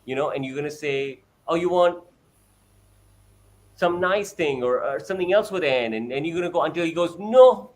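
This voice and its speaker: A man talks over a video call, explaining and acting out short exchanges with a child in a lively, lifted voice. His pitch sits a little above the usual for a man. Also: moderate pace. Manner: acts out parent-child exchanges in a bright high voice. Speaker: parent sharing experience. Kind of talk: animated conversational explaining.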